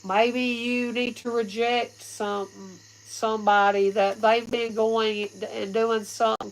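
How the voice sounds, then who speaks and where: A woman's voice: mid-range voice, gravelly, a little hiss or hum, poor audio. A woman giving a casual livestream tarot reading, rambling, blunt and often laughing. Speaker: tarot reader.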